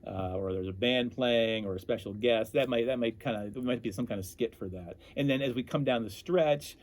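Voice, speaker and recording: Fast-talking animated male storyteller. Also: mid-range voice. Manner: animated, self-interrupting storyteller. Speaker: interview guest. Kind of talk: casual storytelling.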